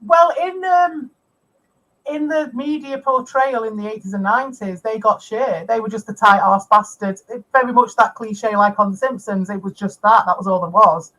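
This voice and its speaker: A woman's voice: fairly high pitch, normal speed, fairly bright tone, rough recording. A woman co-hosting a podcast, who chats bluntly and opinionatedly while reacting to old TV shows. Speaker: podcast co-host. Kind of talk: casual chat reacting to old TV.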